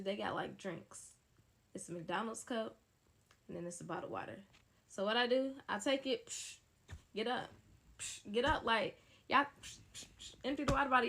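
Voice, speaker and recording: A young woman with a gravelly, creaky edge tells a personal story to camera, casual and dramatic, talking straight to her viewers. Her pitch sits in an ordinary middle range. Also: fairly bright tone. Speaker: storytime vlogger.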